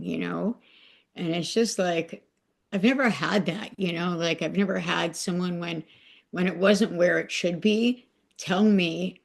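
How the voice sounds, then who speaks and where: A woman with a lowish, gravelly voice speaks at a moderate pace in a steady tone. As a podcast guest, she shares a personal devotional story in a casual, heartfelt way, growing emotional and rambling with many fillers.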